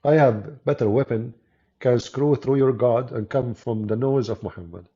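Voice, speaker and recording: Heard in dull lo-fi audio, a man from the Arab world with an Arabic accent, Arabic being his native language, mocks and jabs sarcastically during a live stream as a debater and channel host. His voice is mid-range and dark, at a normal speed.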